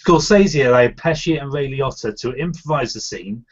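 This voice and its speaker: A man's voice: medium pitch, normal speed, dull audio. Easygoing man reading out film trivia. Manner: relaxed, agreeable, stumbles over names. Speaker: podcast co-host.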